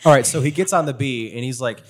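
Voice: medium pitch, fast talker. The game master of a tabletop game podcast, narrating scenes and swearing casually. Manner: swoops into character voices, swears casually.

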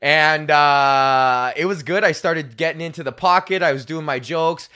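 Bright-voiced profane comic ranting solo. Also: male voice, a little high, a little slow, clear, resonant tone. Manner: profane, rambling, laughing at his own bits; acts out quoted voices in a mocking tone. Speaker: podcast host. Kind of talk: solo comedy podcast rant.

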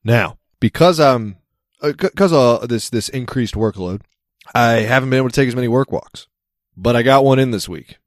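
A man hosting a relaxed podcast chat over a remote call. His voice sits at a middle pitch and starts low before building up. It is recorded dry, with no room around it. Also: normal speed, dry recording. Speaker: podcast host. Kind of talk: casual chat.

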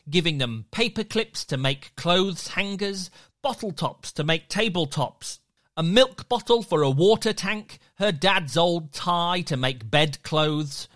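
A storyteller narrating a children's story with an expressive, lively delivery. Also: mid-range voice.

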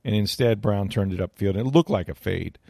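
A man's voice: fairly low pitch, brisk, vocal fry, a little mellow, dry recording, studio quality. A man talking football as a guest analyst in casual radio chat, rambling with many fillers and restarts.

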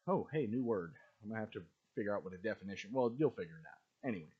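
A man hosting a podcast in casual commentary, who clears his throat often and wanders into asides while reading a speech aloud. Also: lowish voice, expressive, quick pace, dull audio. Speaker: podcast host.

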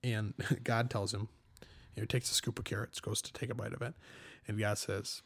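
A young man co-hosting a casual faith discussion, telling stories in an animated, self-deprecating way and laughing often. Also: on the low side, brisk, vocal fry, slightly rough.

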